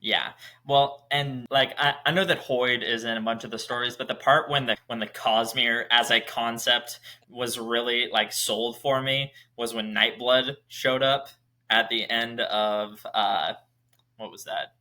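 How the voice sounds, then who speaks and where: Bright-voiced eager stammering man. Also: mid-range voice, fairly even intonation, measured pace. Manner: eager, stammering with frequent restarts. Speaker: podcast host. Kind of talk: casual chat.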